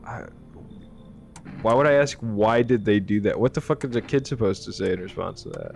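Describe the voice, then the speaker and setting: A man's voice: lowish voice, fairly quick, gravelly, soft background music. A man streaming live gameplay who talks casually, jokes and swears.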